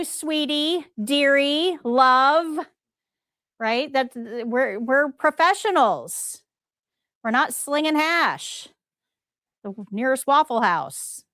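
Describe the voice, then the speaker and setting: Woman instructor, emphatic, questions the class, slightly high voice, dry close sound. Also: lively intonation, slow pace, a bit bright, no echo. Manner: emphatic, talks straight to students with rhetorical questions. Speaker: CNA test prep instructor. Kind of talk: live class lecture.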